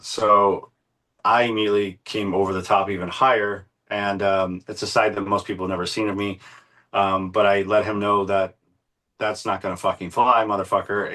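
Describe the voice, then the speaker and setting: A middle-aged man with a fairly low voice recounts a story as an interview guest. He speaks casually and passionately, swearing freely and using plenty of fillers as he goes. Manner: profane, passionate, animated retelling with frequent fillers.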